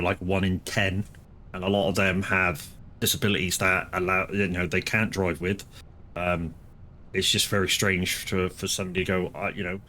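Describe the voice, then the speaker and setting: A man's voice: sits low, bright, forceful tone, slight background noise. A man streaming a farming game, rambling and swearing as he chats to viewers. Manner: rambling, swearing, frequent restarts. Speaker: live streamer. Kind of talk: casual gameplay commentary.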